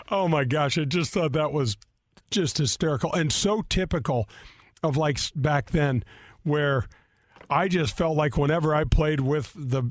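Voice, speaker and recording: A man hosting a radio golf show from a studio, telling stories in a casual, animated way, laughing often and acting out what others said. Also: medium pitch, no room sound. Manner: animated storyteller, laughs often, acts out quotes.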